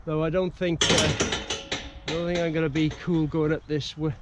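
A man's voice: fairly high pitch, moderate pace. A man hiking and casually talking to his camera outdoors, rambling with plenty of fillers. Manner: relaxed, rambling, with many fillers. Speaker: hiking vlogger. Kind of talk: casual vlog narration. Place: outdoors on a windy hillside. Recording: dull outdoor camera audio with wind noise.

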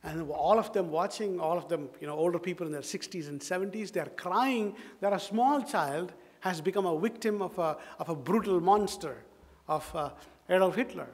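High-voiced Indian pastor preaching in a church hall. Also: male voice, moderate pace. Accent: Indian English. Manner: emphatic, repeats phrases, asks the congregation rhetorical questions. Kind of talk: sermon. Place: church sanctuary. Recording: long reverb of a church hall.

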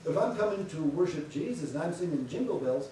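A man, the pastor, giving chatty announcements and telling a lively story to his church. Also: a little high, fast, a little hiss or hum. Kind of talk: church announcements before a sermon. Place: church sanctuary. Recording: echoey sanctuary, distant mic.

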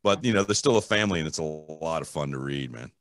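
Man, low voice, animated pitch, dry sound, laid-back friendly chat, guest narrator. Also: fast talker, no echo. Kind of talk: casual panel chat.

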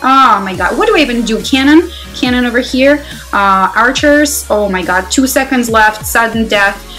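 Excitable woman narrating her mobile gameplay. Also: a little high, normal speed, rough recording. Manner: excitable, swinging between loud exclamations and quiet muttering to herself. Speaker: mobile game player and channel host. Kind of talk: live gameplay commentary. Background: faint background music.

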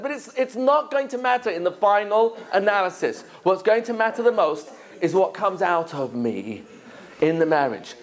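A rabbi from England giving a lively lecture to an audience, asking many rhetorical questions. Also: male voice, high voice, normal speed.

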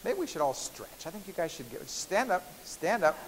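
A man's voice: sits high, big pitch swings, normal speed. A man lecturing a university biochemistry class in a playful, chatty way, often checking in with the students. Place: large lecture hall. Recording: hissy lecture-hall recording with long reverb.

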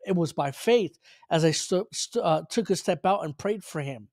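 A high-pitched man preaches in an earnest storytelling way, restarting phrases and leaning on fillers as he recounts a testimony. The sound is close and dry, with no room echo. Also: animated, normal speed, darkish tone. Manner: earnest, retelling dialogue with frequent restarts and fillers.

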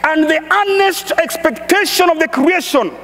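A man preaching a sermon and reading scripture, speaking emphatically and building to shouted exhortations. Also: very high voice, normal speed. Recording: echoey church hall reverb.

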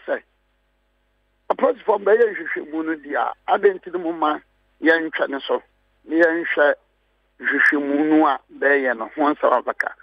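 A husky, slightly higher-voiced man with a Ghanaian accent argues his case on a radio panel, hammering home key phrases. The sound is dry and a bit muffled, like a close studio mic. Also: no echo. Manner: emphatic, repeats key phrases. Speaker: political guest. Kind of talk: heated radio panel talk.

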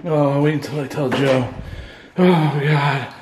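A man's voice: on the high side, steady tone, takes it slowly, noisy background. Shaken, stammering man in an echoey house. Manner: rambling, stammering, repeating himself. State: shaken and scared. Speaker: paranormal vlogger. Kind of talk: frightened solo ghost-hunt vlog. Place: empty house indoors. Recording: echoey room.

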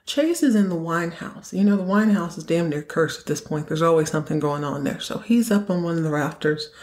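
A woman's voice: lowish voice, expressive, a little fast, a little mellow. A woman hosting a podcast, recapping a TV episode in a chatty, joking way and acting out quotes. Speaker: podcast host.

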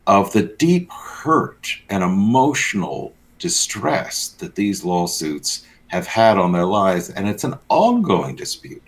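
A deep-voiced man riffing on church news with a wry, blunt edge. His pitch swings widely as he gets worked up, then drops low and heavy. The talk is loose, unscripted banter with a co-host. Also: takes it slowly, few pauses. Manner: blunt, sardonic, animated commentary.

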